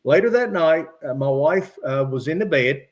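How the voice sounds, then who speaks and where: Middle-aged virginia guy, kinda high voice, reads his notes out matter-of-fact, lots of uh's. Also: lively intonation. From West Virginia. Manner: measured, matter-of-fact retelling with frequent "uh" fillers. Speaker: podcast guest, former state trooper. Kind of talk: recounting personal encounters from notes.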